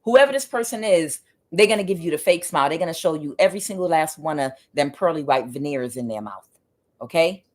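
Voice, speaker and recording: A woman's voice: low-pitched, animated, brisk. A woman tarot reader giving a spiritual reading in an emphatic, preachy way, with frequent fillers.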